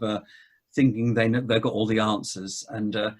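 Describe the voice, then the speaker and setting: A man, a cathedral dean, hosting a casual interview, speaking haltingly and repeating words as he goes. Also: on the low side, little pitch movement, slightly rough. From not from Cornwall.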